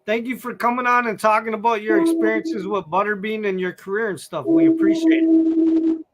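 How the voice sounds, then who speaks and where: A man's voice: high-pitched, level tone, brisk, lo-fi sound, very noisy. A man hosting a boxing podcast, reading out numbered questions to his guest. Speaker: podcast host. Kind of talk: interview questions.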